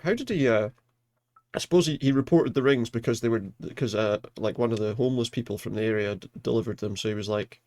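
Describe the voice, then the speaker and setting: A man chatting in a relaxed, rambling way as he streams a video game. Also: medium pitch, quick pace, no room sound. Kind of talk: casual let's play commentary.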